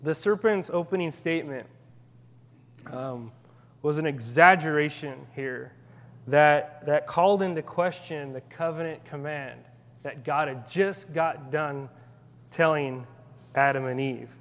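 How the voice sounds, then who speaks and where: Pastor, male, high-pitched, conversational and rambling delivery; sermon recorded in an echoing church hall. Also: unhurried, a bit bright. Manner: conversational, rambling asides with frequent restarts.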